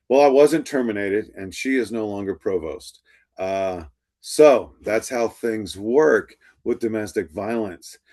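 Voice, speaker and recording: Middle-aged man, instructor, classroom lecture, storytelling, acts out quoted lines. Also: lowish voice.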